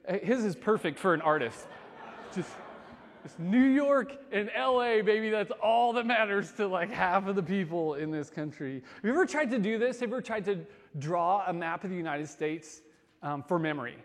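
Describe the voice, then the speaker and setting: A man giving a sermon as a pastor, conversational and casual, swinging between loud emphasis and soft, quiet stretches. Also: high voice, long reverb tail.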